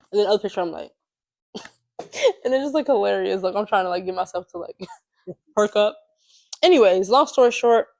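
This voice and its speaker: A young woman co-hosting a podcast, telling a personal story in a loose, chatty way, with lots of fillers and frequent laughter. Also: medium pitch. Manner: chatty, animated, laughs often, many fillers. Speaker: podcast co-host. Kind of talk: casual storytelling chat.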